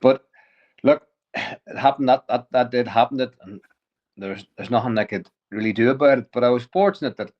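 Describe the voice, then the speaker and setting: A man, a podcast guest telling a lively story, often chuckling and restarting sentences. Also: mid-range voice, moderate pace, muffled recording. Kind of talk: casual storytelling.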